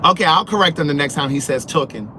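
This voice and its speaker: A man's voice: on the high side, fast talker. Sassy man chatting while driving. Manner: animated and sassy, answering live comments. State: sleepy. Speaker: vlogger. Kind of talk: casual chat while driving. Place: in a car on the road. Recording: car road noise. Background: road noise.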